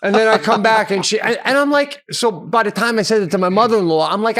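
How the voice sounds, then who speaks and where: A middle-aged man co-hosting a podcast, telling animated comic stories with frequent laughter and loud bursts. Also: high voice, quick pace, hardly any pauses, dry recording, studio quality. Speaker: podcast co-host. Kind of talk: casual comedic podcast chat.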